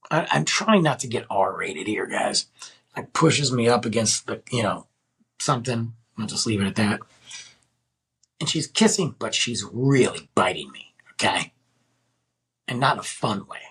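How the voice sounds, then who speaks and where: Male podcast host, deeply raspy voice, lively storyteller, talks to listeners as guys. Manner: animated, chatty, addresses listeners as guys.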